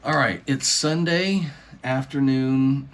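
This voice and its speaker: A man's voice: medium pitch, slow. Rambling middle-aged man vlogging on phone. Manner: meandering, lots of fillers and restarts; warm, earnest, laughs between phrases. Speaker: YouTuber. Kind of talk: rambling casual vlog.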